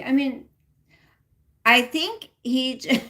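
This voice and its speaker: A woman's voice: sits high, slow, long pauses, a bit bright. A woman hosting a casual livestream, rambling and venting with lots of fillers and some swearing. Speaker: livestream host.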